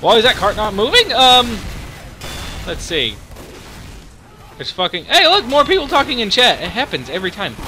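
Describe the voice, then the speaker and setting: A young man hosting his own channel, giving excitable, profanity-laden live commentary while playing a game. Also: high voice, normal speed, pauses often, a little hiss or hum. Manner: excitable, swears a lot, reacts loudly. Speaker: gaming channel host.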